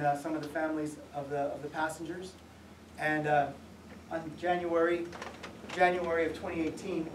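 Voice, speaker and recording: A middle-aged man gives an author talk with slides in a museum event room, speaking conversationally with gentle, self-deprecating humor and frequent restarts. His voice is on the high side, and the echoey room was recorded with a distant mic and slight background noise.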